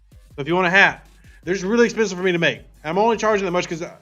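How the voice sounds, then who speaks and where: A man's voice: high voice, very fast, bright, forceful tone, muffled recording, faint music behind. A man hosting a casual gaming livestream, reading viewer chat aloud and answering playfully. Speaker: livestream host.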